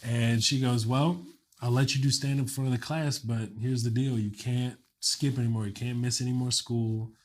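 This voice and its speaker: A man's voice: medium pitch, fairly even intonation, moderate pace, a little mellow. A man in his late thirties, from Kuwait and raised in Texas, is a guest comedian telling a loose, profane story and laughing through it. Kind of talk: casual storytelling.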